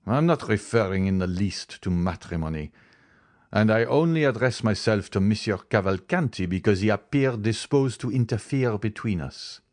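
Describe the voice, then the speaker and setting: A man's voice: on the low side, lively intonation, normal speed, a little mellow, no echo, studio quality, close to an everyday voice. A man voicing a hot-headed young nobleman who is bent on a duel and speaks in intense, clipped, indignant tones. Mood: vengeful.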